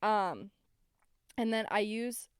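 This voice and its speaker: A woman's voice: mid-range voice, takes it slowly, clear, resonant tone, no room sound, clean studio sound. A young adult woman co-hosting a podcast in casual chat, talkative and laughing often. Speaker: podcast co-host.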